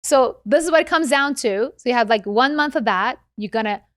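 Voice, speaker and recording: A woman guest with a non-native English accent, explaining investing in a casual interview with animated, quick asides. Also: a little high, dry recording, studio quality.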